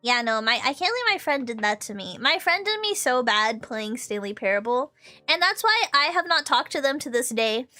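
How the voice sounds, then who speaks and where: A woman's voice: sits high, normal speed, faint music behind. A young adult woman streaming, chatting casually and telling stories with lots of laughter. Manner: animated storytelling, frequent laughter. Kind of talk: casual chat.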